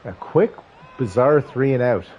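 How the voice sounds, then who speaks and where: A man's voice: medium pitch, lively intonation, unhurried, dull audio, slight background noise. A man streaming a football video game, giving casual play-by-play with wry, joking asides between stat rundowns.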